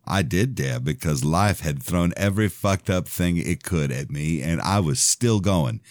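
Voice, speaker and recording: A man narrating his own novel aloud in an expressive first-person telling. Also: sits low, unhurried, hardly any pauses, no echo, clean studio sound. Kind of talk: audiobook-style fiction reading.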